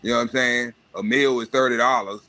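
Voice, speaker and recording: Brief: adult man, livestream host, blunt and animated, punchy bright tone. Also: mid-range voice, fairly quick. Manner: profane, animated rant with mocking put-on voices. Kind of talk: casual monologue.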